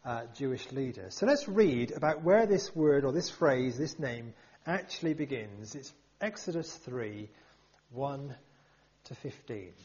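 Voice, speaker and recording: A man's voice: mid-range voice, expressive, measured pace, darkish tone, highs cut off. A man preaching a sermon to a congregation, emphatic and full of rhetorical questions.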